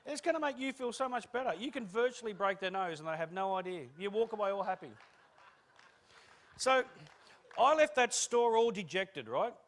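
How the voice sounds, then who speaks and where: A man's voice: high voice, normal speed. A middle-aged Australian man giving a comic motivational keynote talk to a room, telling stories with jokes. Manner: animated, joking storyteller. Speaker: keynote speaker. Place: room with a live audience.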